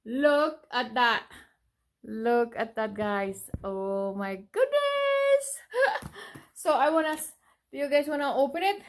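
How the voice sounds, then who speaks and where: A woman's voice: sits high, lively intonation, unhurried, slight background noise. A middle-aged woman, unboxing a gift on her casual vlog, gushing and repeating her exclamations. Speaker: vlogger.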